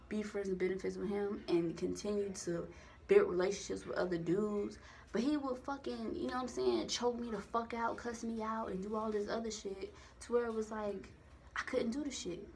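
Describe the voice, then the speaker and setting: A young woman telling a personal story to the camera in a candid, profane, animated way, acting out the voices in her quotes. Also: medium pitch, gravelly, slight background noise. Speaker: vlogger. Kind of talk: casual storytime monologue.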